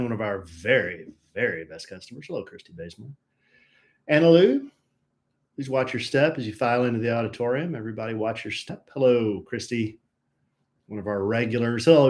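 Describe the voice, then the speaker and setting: Give me a jokey male stream host with a middle-pitched voice who rambles while greeting viewers. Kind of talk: casual chat greeting viewers.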